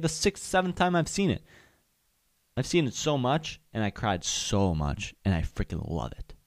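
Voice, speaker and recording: A man's voice: on the low side, dry recording, clean studio sound. A young man hosting a podcast, chatting casually and candidly on his own, rambling with lots of fillers. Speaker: podcast host. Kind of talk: casual solo chat.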